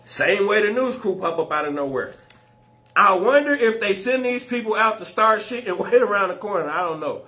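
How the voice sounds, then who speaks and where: A man doing stand-up comedy, telling a story loudly and with lots of slang and swearing, often laughing at his own jokes. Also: high voice, expressive, moderate pace. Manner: profane and slangy.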